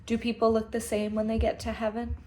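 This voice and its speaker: A woman voicing a gentle, anxious young boy. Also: a little high, monotone, a little fast, close to an everyday voice. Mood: soft pleading.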